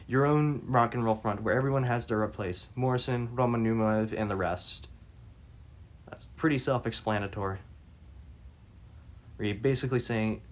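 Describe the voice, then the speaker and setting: Low-voiced man musing haltingly. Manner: halting, many restarts and fillers. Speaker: reader and commentator. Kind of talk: reading aloud and commenting.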